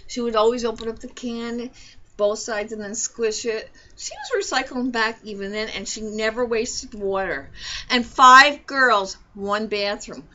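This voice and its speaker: An older woman from New Jersey talks in a bright, fairly high voice during a casual home video. She chats and gently scolds. The recording is dull and lo-fi. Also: a little slow. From Bergen County, New Jersey.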